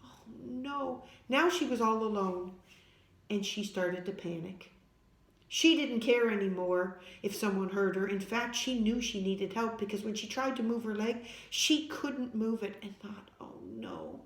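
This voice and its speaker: Lady reading a bedtime-style story, super expressive, roomy echo. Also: medium pitch, unhurried. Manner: dramatic, expressive reading for children. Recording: echoey room.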